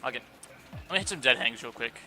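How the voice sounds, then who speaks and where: A man's voice: medium pitch, expressive, very fast, creaky, bright, forceful tone, soft background music. A young man streaming from his room, chatting casually with his viewers, swearing offhand and talking to his pet. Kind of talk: casual live-stream chat. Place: home room. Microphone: desk microphone with noise gate.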